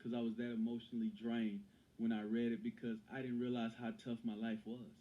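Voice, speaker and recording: A man's voice: medium pitch, monotone, fairly quick, lo-fi sound. A man as an interview guest and author, talking earnestly in casual conversation, often repeating phrases and restarting.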